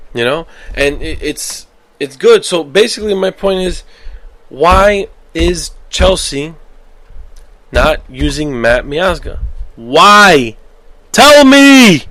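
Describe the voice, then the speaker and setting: A man hosting a casual solo soccer podcast, rambling and animated, flaring into heated outbursts. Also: a little high, no echo. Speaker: podcast host.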